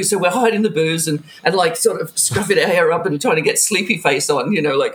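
A man telling an animated story in casual chat, laughing often and acting out what people said. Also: high voice, a little fast.

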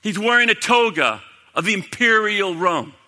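A man preaching a sermon to a congregation, dramatic, swinging from loud to hushed. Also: sits high, animated, a little slow. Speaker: pastor. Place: church sanctuary. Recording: long hall reverb.

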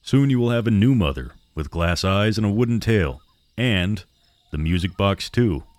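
Male narrator doing a creepy old crone in black for a spoken horror tale; papery, stern, deep and dry. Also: animated, moderate pace, darkish tone, no room sound, close to an everyday voice. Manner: stern, coaxing.

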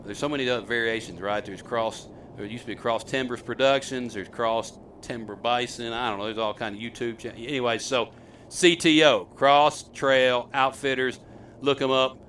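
A middle-aged hunting host talks at an everyday pitch, and his voice comes across bright and forceful. He spins a loose, rambling story to the camera. Every so often he turns to his sons with questions, and faint background noise sits under his voice. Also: fairly quick. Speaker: host, hunter and father.

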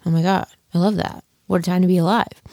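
A woman's voice: lowish voice, fairly even intonation, fast talker, dark tone, a little hiss or hum. A young woman hosting a podcast on her own, rambling and chatty, full of self-deprecating asides. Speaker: podcast host. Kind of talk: casual solo podcast chat. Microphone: studio microphone.

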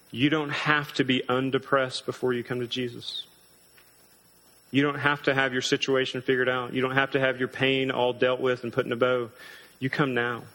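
A man preaching a sermon as pastor, earnest and emphatic, slowing down hard to stress key words. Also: medium pitch, sharp tone, rough recording.

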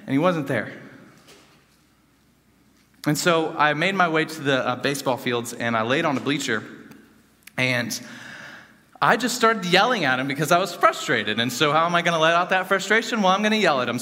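A young man giving an earnest personal testimony to a gathering, rambling with many fillers and swinging between animated and hushed. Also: fairly high pitch, brisk, long pauses. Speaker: student speaker giving a testimony. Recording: reverberant hall.

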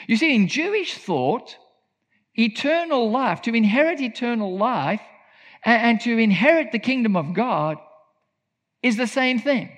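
A man's voice: extremely high pitch, lively intonation, a little slow, a bit bright. A man preaching a sermon in an earnest, emphatic teaching tone. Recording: long reverb of a large hall.

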